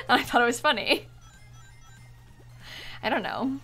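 A young adult woman streaming a game and chatting casually, excitable, often squealing and laughing. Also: a little high, takes it slowly, slightly rough, faint music behind. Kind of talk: casual gaming chat.

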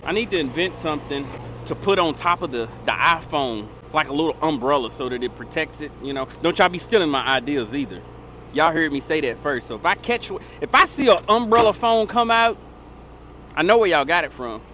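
A man talking casually to camera while cleaning trash cans outdoors, loud and joking, often shouting and exclaiming. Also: a little high, lively intonation, a little fast, rough recording. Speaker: trash can cleaning business owner. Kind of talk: casual on-the-job vlog. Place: outdoors by a house, near a street. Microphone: small clip-on mic with phone camera. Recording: outdoor street noise behind.

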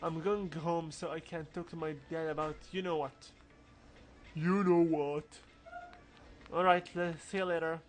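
A man's voice: fairly high pitch, steady tone, unhurried, faint music behind, natural voice. A man reading game dialogue aloud, voicing an anxious teenage schoolboy in a put-on accent and stumbling over the lines. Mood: frustrated, resolved.

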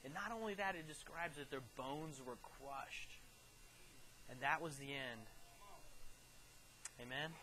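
A man preaching a sermon, retelling a scripture story with lively storytelling and acted-out quotes that swing from quiet to loud. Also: on the high side, unhurried, long pauses, slight background noise, poor audio. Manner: animated storytelling, acting out quotes with big swings in loudness.

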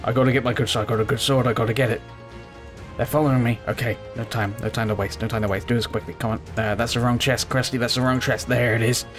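Excitable man narrating a game. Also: mid-range voice, fast, faint music behind. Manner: rambling, excitable, yells at the game. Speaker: gaming channel host. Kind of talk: let's play commentary.

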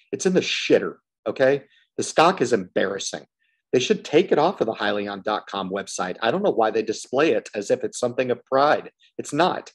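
A fed-up man ranting alone into the mic as an independent stock commentator. His voice sits on the low side, and he talks bluntly, swears casually and hammers the same points over and over. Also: slightly rough. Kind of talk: frustrated solo rant.

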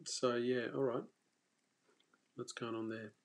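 A man hosting a fishing live stream, telling a story casually and with energy, stumbling and restarting, then trailing off quietly. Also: mid-range voice, flat delivery, slow. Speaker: fishing coach and channel host.

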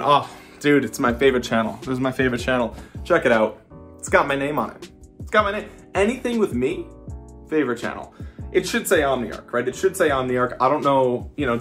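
A man at an ordinary, middle pitch tours a hotel suite for his vlog, rambling casually. He drops sarcastic jokes and deadpan asides, while soft music plays faintly underneath. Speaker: vlogger. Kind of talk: casual vlog room tour.

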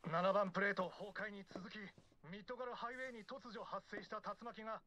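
A man's voice: high voice, very fast, sharp tone. An actor playing a male news announcer in a game, reading a formal crisis report. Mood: urgent. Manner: crisp, formal announcer delivery.

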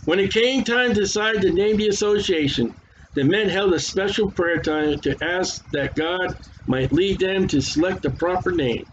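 Reading scripture aloud during a sermon, a man talks casually and trips over difficult names, his voice worn. It sits high, and the dull lo-fi recording carries a little hiss or hum.

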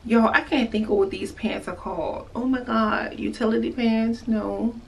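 A woman's voice: a little high, fairly even intonation, normal speed, gravelly, distant mic, slight background noise. A woman chatting casually and gushing over clothes in a try-on haul vlog, filmed at home on a phone camera. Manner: gushing, chatty, repeats herself. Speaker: vlogger. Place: at home, indoors.

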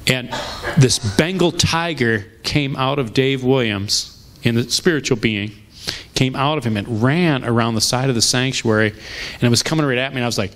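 A middle-aged male pastor delivers a sermon built on personal stories, speaking in a conversational, animated way that often backs up and restarts mid-sentence. His voice sits at an ordinary middle pitch for a man. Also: normal speed, a little hiss or hum. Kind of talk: storytelling sermon. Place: church sanctuary.

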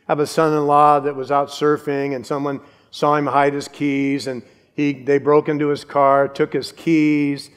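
An older male pastor preaching a sermon in an easy, joking, conversational manner. His voice sits fairly high for a man. A long reverb from the church sanctuary trails behind his words.

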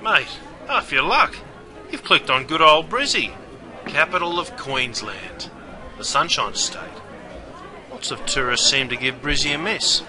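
A man's voice: on the high side, animated, unhurried, music in the background, crowd noise. A matey Aussie barman. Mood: chummy. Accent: Australian. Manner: slangy, matey, folksy banter. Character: brash, chummy Aussie barman, grown man. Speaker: pub barman guide. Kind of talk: scripted character narration.

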